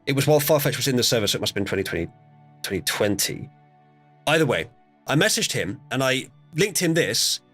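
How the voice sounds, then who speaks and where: A man's voice: mid-range voice, big pitch swings, brisk, fairly bright tone, soft background music. A man hosting a casual stream, telling a story in a rambling, hesitant way with many fillers. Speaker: stream host.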